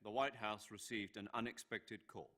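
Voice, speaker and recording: An actor playing a middle-aged military commander, calm and authoritative, briefing an agent in a video game cutscene. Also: male voice, fairly low pitch, moderate pace, slight background noise, lightly acted.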